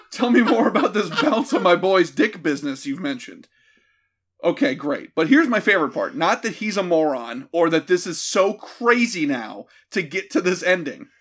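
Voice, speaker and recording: A man's voice: high-pitched, sing-song, moderate pace, a bit bright. A man recapping a movie with sarcastic, laughing comic riffs.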